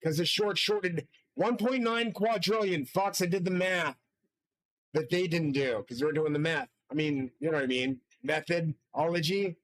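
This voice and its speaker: A man's voice: on the high side, moderate pace, a bit bright, rough recording. A man hosting his own channel, delivering a rambling, profane and grandiose solo monologue from his studio. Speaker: channel host.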